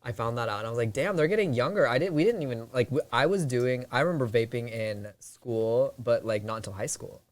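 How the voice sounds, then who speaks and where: A young man chatting as a podcast guest, quick reactions and laughing along. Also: mid-range voice. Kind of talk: casual chat.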